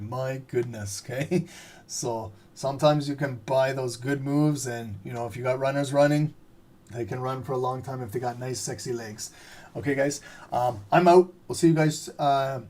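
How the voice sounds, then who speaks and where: Chatty, hoarse trading stream host. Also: male voice, mid-range voice, a little mellow. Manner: rambling, filler-heavy, chatty. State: losing his voice. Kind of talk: casual live-stream chat.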